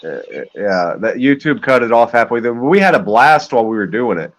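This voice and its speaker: A male livestream co-host rambles through crude stories in a casual way, slipping into quoted voices as he goes. His mid-range voice is very animated and fairly quick, set against heavy background noise.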